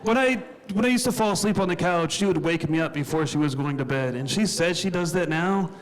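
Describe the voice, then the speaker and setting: Crude, deadpan stand-up comedian. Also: male voice, on the high side, fairly quick. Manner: deadpan, crude, self-deprecating storytelling with acted-out quotes. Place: comedy club stage before a live audience. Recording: live club recording with crowd laughter. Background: audience laughing.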